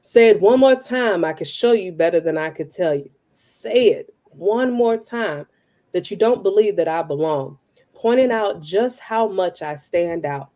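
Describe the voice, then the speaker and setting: A woman's voice: on the low side, unhurried. A woman from Chicago performing spoken word poetry with a rhythmic, emphatic delivery, then chatting casually. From Southside of Chicago. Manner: relaxed, casual talk with fillers when chatting. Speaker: poet.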